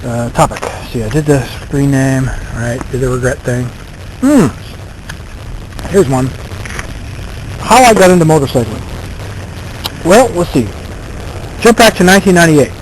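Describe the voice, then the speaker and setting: A man's voice: medium pitch, expressive, moderate pace, pauses often, a little hiss or hum, poor audio. A man in his thirties telling a rambling story from his own life in a casual vlog, with many fillers and self-deprecating remarks. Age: 30s. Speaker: vlogger.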